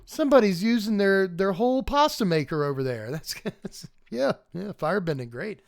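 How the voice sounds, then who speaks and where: Lively man hosting a casual stream. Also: high voice, normal speed, gravelly. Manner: animated, chuckling, chatting with viewers. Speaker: host. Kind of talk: casual livestream card review.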